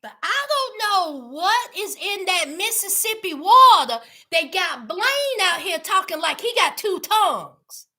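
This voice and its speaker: A woman's voice: extremely high pitch, big pitch swings, measured pace, hardly any pauses, bright, forceful tone. A woman giving a sassy, teasing reaction commentary on a reality show. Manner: sassy, drawling, teasing asides.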